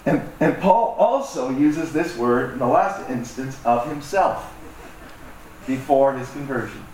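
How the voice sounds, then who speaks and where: With a medium, somewhat dark voice, a male pastor preaches animatedly at a measured pace, keeping it conversational, joking about himself and slipping into character voices. The recording is distant, the hall echoes, and faint noise lingers underneath.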